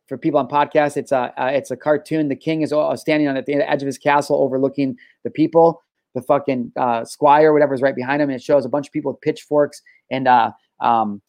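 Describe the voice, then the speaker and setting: A man hosting his own podcast, ranting in a heated, profane monologue. His voice sits a little higher than most men's. He keeps circling back and restarting his sentences as he talks. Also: a little mellow, dry recording. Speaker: podcast host.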